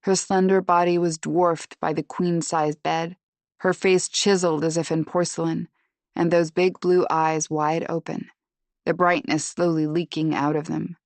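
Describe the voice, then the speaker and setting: A woman narrating a first-person thriller audiobook in a measured, tense and subdued way. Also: low voice, level tone, darkish tone, no room sound.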